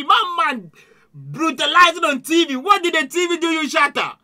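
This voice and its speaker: A man hosting a music reaction video, talking loudly and excitedly in slangy, shouted commentary. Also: extremely high pitch, normal speed. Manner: loud, shouting, laughing, slangy. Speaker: YouTube music reaction host.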